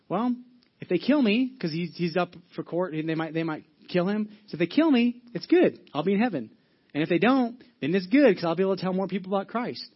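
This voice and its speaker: Man, pastor, earnest conversational sermon, husky, lo-fi church recording. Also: high voice. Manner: earnest, conversational preaching with frequent restarts and fillers.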